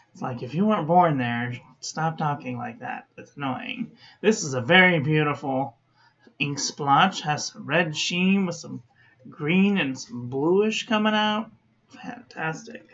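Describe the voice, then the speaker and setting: Brief: woman host, unhurried chatty ink review, dull lo-fi home audio. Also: low voice, vocal fry. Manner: chatty, self-correcting, talks to viewers.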